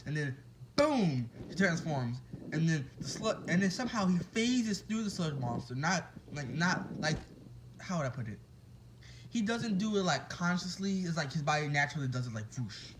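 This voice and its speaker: A man's voice: a little high, lively intonation, normal speed, background noise. A man casually improvising a fan-fiction story, rambling along with restarts and asides to his listeners.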